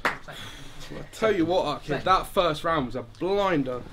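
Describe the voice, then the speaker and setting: A man's voice: fairly high pitch, lively intonation, unhurried, background noise. Man trash-talking in rhymed battle bars. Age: late 20s. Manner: trash-talking in rhymed bars, laughing at his own jokes. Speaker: battle rapper. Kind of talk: live rap battle performance. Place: live venue before an audience.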